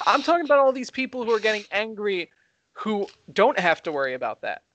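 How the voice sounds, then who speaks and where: A young man co-hosting a heated casual debate, talking fast and getting excited as he argues. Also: high voice, no echo. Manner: fast, excitable, rising when worked up. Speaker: co-host.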